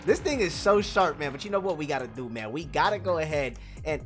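A young man hosts a casual gaming video, hyped and full of slang as he talks to his viewers and a friend. His pitch swings a lot while he talks. Faint background music plays underneath. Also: animated, brisk.

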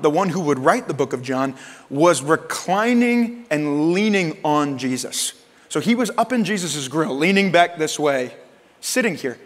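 A man preaching in a reverberant hall. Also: fairly high pitch. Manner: conversational, acts out quoted lines in lively voices. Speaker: pastor. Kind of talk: sermon. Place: church sanctuary. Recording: long reverb of a church hall.

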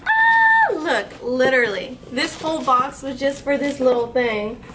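A woman's voice: sits high, steady tone, normal speed, distant mic, noisy background. A woman in her twenties gushing and squealing with delight as she unboxes a beauty haul, speaking a little off-mic. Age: 20s. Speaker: beauty vlogger.

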